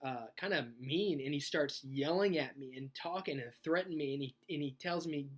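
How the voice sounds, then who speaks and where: A man speaking as a youth pastor in a sermon video. He talks in a conversational, animated way and tells a personal story, laughing as he goes. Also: on the high side, brisk. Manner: conversational, animated, laughs while telling stories.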